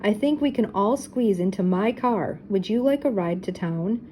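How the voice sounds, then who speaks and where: A woman voicing an eager lady mayor, keen, mellow dark tone. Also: medium pitch, animated, normal speed, slight background noise, close to an everyday voice. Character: eager female small-town mayor.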